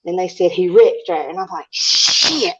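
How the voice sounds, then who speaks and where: A woman telling a story on a casual live call-in stream. She is animated, laughs often and acts out what she said. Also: lowish voice, fairly quick, creaky, noisy background. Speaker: panelist. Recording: muffled stream audio.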